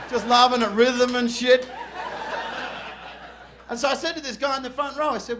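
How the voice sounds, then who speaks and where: A man with an Australian accent doing a stand-up comedy set on a club stage, loud, brash and profane, often shouting and laughing into a handheld mic. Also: very high voice, fairly quick, noisy background.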